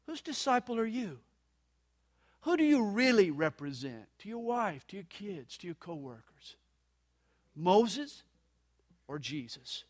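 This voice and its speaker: High-voiced male pastor preaching. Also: big pitch swings, moderate pace. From United States. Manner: dramatic, shifting from loud emphasis to soft, hushed delivery. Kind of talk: sermon. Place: church sanctuary during a live service.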